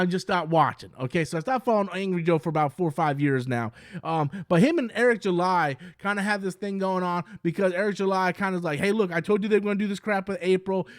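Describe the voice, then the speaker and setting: A man's voice: sits high, no room sound, clean studio sound. A man giving casual, heated commentary in a rambling style, often stumbling over his words as he restarts sentences. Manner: rambling and heated, with many restarts and quoted impressions. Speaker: commentary YouTuber.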